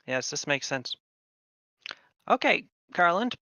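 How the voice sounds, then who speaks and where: A man running a tabletop game as game master, narrating in a relaxed way with frequent ums. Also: on the high side, slow pace, no room sound. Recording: muffled lo-fi audio.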